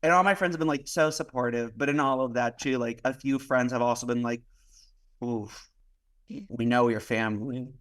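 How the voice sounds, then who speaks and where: A man's voice: medium pitch, fairly even intonation, quick pace, few pauses, a bit bright. A young man from Miami, a podcast guest, tells a personal story in loose casual chat, full of "like" fillers, acted-out dialogue and the odd swear word. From Miami, United States. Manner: rambling, heavy use of "like", acts out quoted dialogue. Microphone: podcast microphone.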